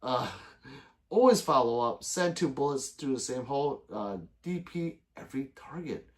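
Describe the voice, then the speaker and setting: Lively, animated male livestream host. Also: medium pitch, moderate pace. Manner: loose, joking, swears freely, loud sudden outbursts. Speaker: gun channel livestream host. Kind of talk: casual livestream chat, reading viewer comments.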